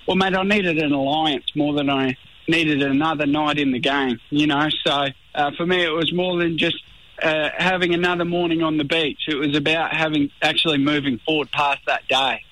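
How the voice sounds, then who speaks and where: Laid-back Australian man, bright voice. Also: fairly high pitch, steady tone, normal speed, rough recording. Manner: laid-back, says mate a lot. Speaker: reality show contestant. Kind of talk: radio interview.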